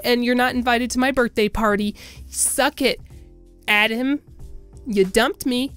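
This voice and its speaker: A man's voice: very high-pitched, fairly even intonation, measured pace, bright, forceful tone, smooth, soft background music, full character voice. A man voicing a bubbly teenage valley girl who gossips breathlessly, full of "like" and "oh my god". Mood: petty.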